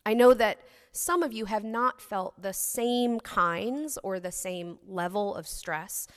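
A woman's voice: mid-range voice, slow pace, clear, resonant tone. A woman in her thirties preaching a sermon in a frank, earnest, confiding way. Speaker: pastor. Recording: reverberant hall sound.

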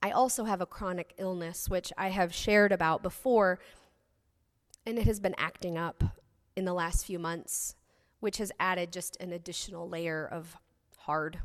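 A woman's voice: lowish voice, steady tone, unhurried. Woman pastor, 30s; earnest, confiding sermon in a reverberant hall.

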